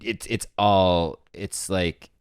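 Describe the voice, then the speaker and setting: A man with an exceptionally deep voice talks through ideas in a loose, halting way, leaning on fillers as he thinks. The sound is close and dry, with no room around it. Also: steady tone, smooth, no room sound. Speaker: co-host writing a script. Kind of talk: casual brainstorming chat, then reading a script aloud.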